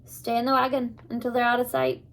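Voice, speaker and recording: A woman reading aloud voices an old Scottish man, a friendly wagon driver, in a put-on Scottish accent with loud, emphatic delivery. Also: on the high side, big pitch swings, a little fast. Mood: calm.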